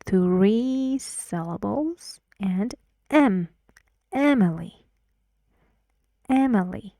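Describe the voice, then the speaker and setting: A woman teaching English pronunciation, slowly repeating words clearly for learners. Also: mid-range voice, dark tone, no echo, clean studio sound. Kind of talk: slow pronunciation lesson with drills.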